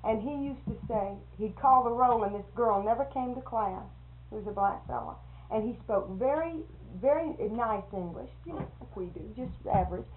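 A woman who is a schoolteacher, telling stories in casual conversation with lively acted-out quotes, on a tinny lo-fi recording. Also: fairly high pitch, moderate pace. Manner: animated storyteller who acts out quotes. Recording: tinny phone-like lo-fi recording with faint hiss.

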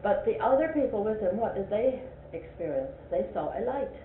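A woman's voice: medium pitch, very animated, brisk, recorded from a distance. An older woman leading a Sunday school Bible class in a folksy, questioning way, often repeating points for emphasis. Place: church classroom. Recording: echoey, tinny lo-fi recording with faint hiss.

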